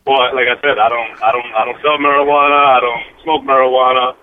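A man's voice: mid-range voice, little pitch movement, fairly quick, no echo. A man taking a phone call while driving, defensive and stammering, heard over a hands-free line. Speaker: prank call target. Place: in a car. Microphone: car hands-free phone.

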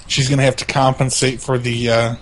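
Man, crude banter, middle pitch, clear background noise. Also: level tone, brisk. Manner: crude heckling jokes.

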